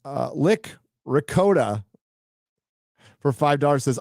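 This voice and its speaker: A man's voice: medium pitch, normal speed, darkish tone, no room sound, studio quality. A man hosting a live stream, chatting casually and reading out viewer donations in an offhand, rambling way. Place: home studio.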